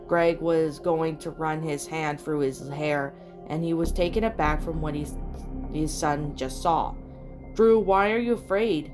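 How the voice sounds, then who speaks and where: A woman with a fairly low voice reads a fan-written story aloud. Her delivery is steady and plain, with small slips that she rereads. Soft music plays faintly underneath. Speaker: fan fiction reader. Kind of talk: reading fan fiction aloud. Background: soft background music.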